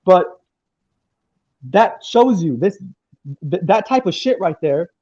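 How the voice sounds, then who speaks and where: A man's voice: sits high, very animated, takes it slowly, dark tone, dry recording, dull audio. A man guest on a livestream, talking in a rambling, agitated and profane way, repeating himself as he speaks. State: crying. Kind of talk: emotional livestream interview.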